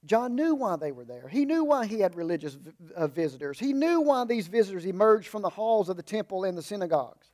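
A man with a high voice preaching in a relaxed, folksy way, stopping for humorous asides. He stresses points in raised bursts, then drops into low, quiet remarks. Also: fairly quick, few pauses. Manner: shifts between emphatic raised lines and low asides. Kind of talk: conversational sermon.

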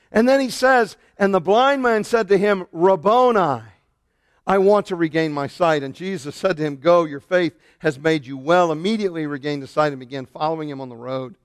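A middle-aged man, a pastor, preaching a lively sermon and shouting out the lines he quotes. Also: high-pitched, no echo, studio quality.

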